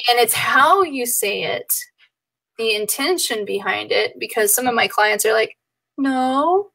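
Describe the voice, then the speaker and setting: A woman dog trainer chatting casually, animated, laughing often and acting out her clients' voices. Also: a little high, normal speed, creaky, low-quality recording. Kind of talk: casual chat.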